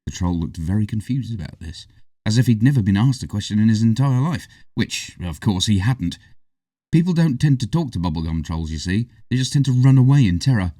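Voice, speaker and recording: A man narrating a storybook with a low, mellow voice that rises and falls in a lively way. He sits somewhat far from the mic in a dry room with no echo. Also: brisk. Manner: expressive, animated reading. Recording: distant, dry.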